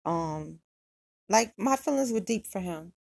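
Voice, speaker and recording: A woman's voice: medium pitch, lively intonation, unhurried, vocal fry, darkish tone. A woman hosting a podcast, casually telling a personal story in a chatty, slangy way with lots of "um" and "he was like.". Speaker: podcast host.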